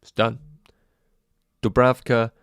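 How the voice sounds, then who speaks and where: A man's voice: mid-range voice, little pitch movement, smooth, dry recording, studio quality. A man hosting a casual fantasy football livestream, chatting to viewers and answering their questions, a bit out of breath. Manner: chatty, banters with chat, quick asides.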